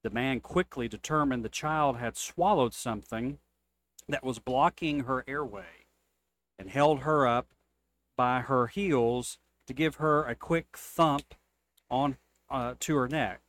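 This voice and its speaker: A man reading church jokes aloud as a co-host, in an unhurried storytelling delivery. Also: medium pitch, fairly bright tone.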